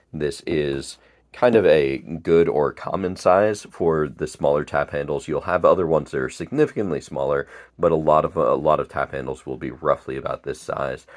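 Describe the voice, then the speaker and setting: Very deep-voiced man chatting casually. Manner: relaxed, rambling with fillers and small laughs. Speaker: tap handle collector reviewer. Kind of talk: casual unboxing talk.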